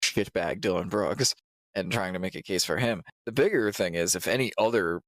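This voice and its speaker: A man's voice: deep voice, moderate pace, fairly bright tone, no echo. Blunt, profane man co-hosting a podcast. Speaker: podcast co-host. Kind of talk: casual chat.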